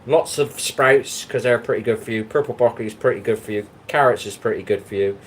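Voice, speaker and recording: A man's voice: medium pitch, fairly quick, low-quality recording. An Englishman with a plain mid-range voice rambles his way through a casual cooking livestream. He chats loosely and answers his viewers' comments as he cooks. A faint bit of background noise sits under his voice. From England. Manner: rambling, chatty, talks back to chat comments. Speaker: livestream host.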